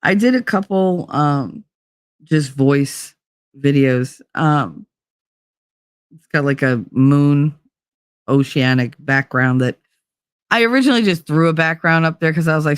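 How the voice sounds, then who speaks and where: A woman's voice: low voice, a little slow, long pauses, clean tone, no echo, studio quality. A woman hosting a casual livestream, rambling and chatting with her viewers by name. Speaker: livestream host.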